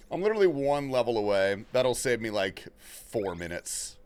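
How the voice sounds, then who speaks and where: A man's voice: medium pitch, fairly bright tone, smooth. A young man chatting casually and profanely on a gaming livestream, answering his chat. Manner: laid-back, slangy and profane, reading and answering chat.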